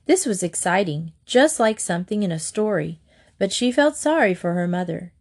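A woman narrating a children's chapter book in a steady, expressive read-aloud. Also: medium pitch, moderate pace.

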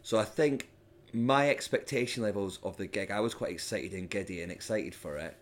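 A young Scottish man, a stand-up comedian, chatting casually on a podcast and telling animated stories. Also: fairly low pitch, brisk. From Scotland. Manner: animated storyteller, mimics hecklers with loud sudden shouts.

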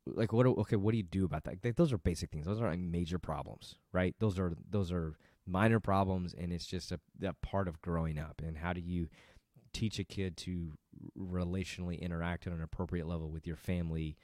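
A middle-aged father speaks in a very low, deep voice, musing about family life in a loose, rambling way. He breaks off his own sentences and tosses in joking asides. The sound is close and dry, with no room echo. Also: steady tone, brisk, a little mellow. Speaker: father vlogging about parenting. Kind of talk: casual unscripted monologue.

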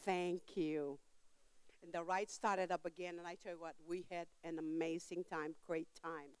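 An older woman preaching a sermon in church, telling a story with emphatic outbursts and quiet asides, in simple non-standard grammar. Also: lowish voice, little pitch movement, moderate pace, clear, resonant tone, dry recording.

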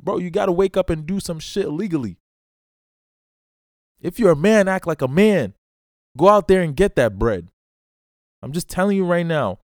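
A man's voice: fairly high pitch, a little mellow, no room sound, clean studio sound. Blunt, profane man ranting on his podcast. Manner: blunt, profane, preachy, calls listener bro. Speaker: podcast host. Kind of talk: solo motivational podcast monologue.

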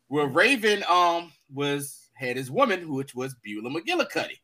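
A man co-hosts a casual podcast chat, his voice sitting high and sounding bright. He tells a long story with energy and acts out each quote in raised, put-on voices. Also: sing-song, normal speed. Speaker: podcast co-host.

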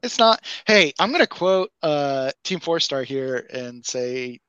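A man at a tabletop game cracks jokes and teases the table. His voice is bright and animated, with a slightly raised pitch, in a dry, close sound. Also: slow pace, smooth, dry recording, lo-fi sound. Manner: joking, teasing. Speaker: player. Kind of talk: casual chat.

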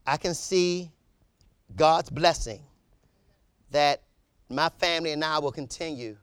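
A male preacher delivering an impassioned sermon, rising to shouts and calling out to his congregation. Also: a little high, a little slow, smooth, no room sound.

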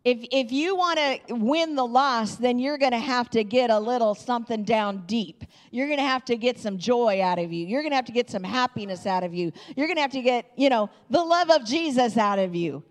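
Woman, high voice, church sermon, rallying, cheerleading, energetic. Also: a little fast, hardly any pauses. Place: church sanctuary.

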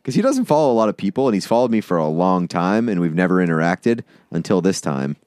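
A man's voice: low-pitched, sing-song, fast talker, darkish tone, no room sound, clean studio sound. A man co-hosting a podcast in casual chat, laughing often and swearing casually as he tells stories. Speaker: podcast co-host.

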